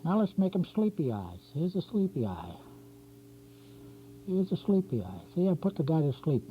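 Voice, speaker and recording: A man's voice: a little high, big pitch swings, moderate pace. A man hosting a drawing show, chatting through each pencil stroke as he teaches cartooning step by step. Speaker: drawing instructor and show host. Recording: dull 1990s community TV tape with faint hum.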